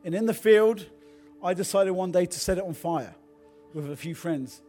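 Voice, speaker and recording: A man's voice: high voice, normal speed, warm tone, faint music behind. A middle-aged male pastor preaching a sermon, telling personal stories and building to fervent calls to repent. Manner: storytelling, then builds to fervent exhortation.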